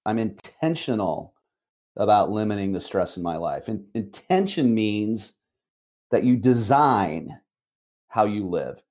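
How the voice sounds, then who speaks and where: A middle-aged man, a managing broker, giving an emphatic motivational talk on a call, repeating key phrases with slow, deliberate stress. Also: on the low side, lively intonation, darkish tone.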